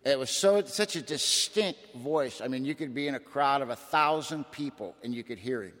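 A man's voice: medium pitch, animated, moderate pace, a bit bright. Man telling his story in an echoing hall. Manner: dramatic, folksy, emphatic. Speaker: recovery meeting speaker. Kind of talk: personal testimony storytelling. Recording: long hall reverb.

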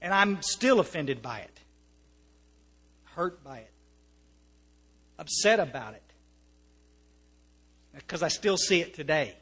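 An American man speaks earnestly to a recovery meeting, with a fairly high voice. He restarts his sentences often and slips in wry humor. His voice carries a long reverb from a meeting hall. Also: sing-song, takes it slowly, pauses often, fairly bright tone, slightly rough. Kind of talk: personal testimony to an audience.

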